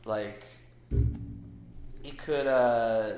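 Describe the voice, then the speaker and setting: A man co-hosting a podcast, telling a long story in casual chat, halting and full of restarts. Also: mid-range voice, darkish tone, soft background music. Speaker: podcast co-host. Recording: roomy, dull lo-fi sound with faint hiss.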